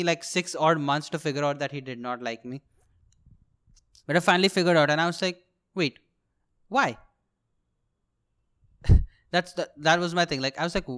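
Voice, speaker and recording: A young man with an Indian English accent, a podcast host and aspiring comedian who tells a story in a comedic monologue. He is animated, swears freely and laughs at his own jokes. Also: fairly high pitch, smooth.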